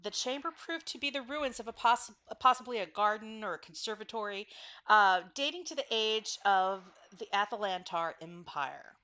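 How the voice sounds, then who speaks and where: A woman's voice: medium pitch, normal speed, bright, forceful tone, highs cut off. A woman narrating a tabletop game as game master, recapping with frequent fillers and self-corrections.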